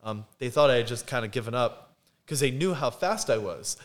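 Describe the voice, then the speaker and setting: A man's voice: mid-range voice, fairly quick. A man, a podcast guest, telling a personal story in casual chat, acting out what people said and laughing often. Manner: animated, acts out quotes, laughs often.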